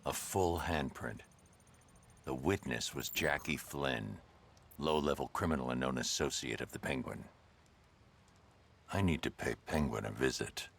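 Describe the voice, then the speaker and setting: An actor playing a brooding masked vigilante detective, speaking in terse, low, deliberate lines. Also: male voice, vocal fry, a bit bright, full character voice. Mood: grim. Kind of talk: video game voice acting. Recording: game audio with noise.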